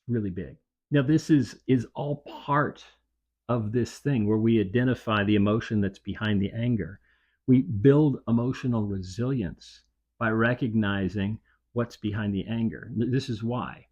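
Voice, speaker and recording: A man's voice: lowish voice, normal speed, a little mellow, lo-fi sound. A man hosting a self-help podcast, talking earnestly and repeating his points for emphasis. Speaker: podcast host. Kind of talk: reflective self-help talk.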